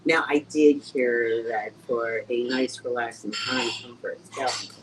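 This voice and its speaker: A woman's voice: a bass voice, unhurried, a little hiss or hum, poor audio. A woman hosting a casual chat, bubbly and enthusiastic. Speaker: host.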